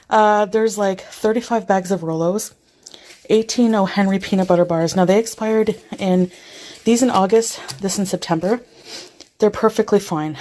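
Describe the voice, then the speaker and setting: A woman's voice: mid-range voice, a little slow, darkish tone, a little hiss or hum. A woman vlogger who is out of breath and a bit wheezy, rambling casually through a show-and-tell with many fillers.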